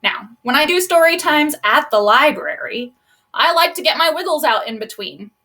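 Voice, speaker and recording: A woman librarian with a slightly high voice runs a storytime for children from home. She speaks gently and encouragingly, explaining things in simple words to little listeners. The sound comes from a laptop mic. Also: animated, normal speed. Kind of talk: live online storytime for kids. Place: at home, laptop propped on a box. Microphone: laptop microphone.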